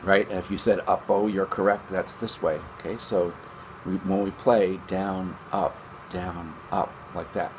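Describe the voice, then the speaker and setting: A man's voice: low voice, fairly even intonation, unhurried, a little hiss or hum. A man teaching a string lesson from his basement, upbeat and chatty, counting beats aloud. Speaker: music teacher. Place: home basement.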